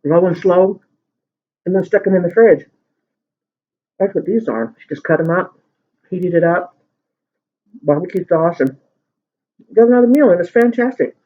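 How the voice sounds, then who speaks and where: Man, high-ish voice, chatty home-video eater rambling on, muffled lo-fi sound. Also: normal speed, long pauses. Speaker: mukbang vlogger. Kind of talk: casual chat while eating. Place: at home at the dinner table.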